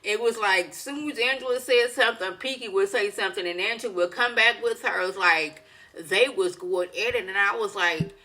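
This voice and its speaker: Woman on her channel recapping tv, bright voice, lively and dramatic. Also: on the high side, normal speed. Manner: animated and dramatic, with exclamations. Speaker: YouTuber reviewing a reality show. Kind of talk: casual chatty recap.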